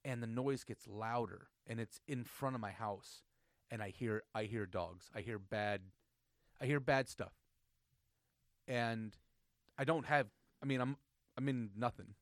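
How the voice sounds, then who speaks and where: Animated male storyteller, dry close mic. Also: medium pitch, unhurried, long pauses, no room sound. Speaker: podcast host. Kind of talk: casual storytelling banter.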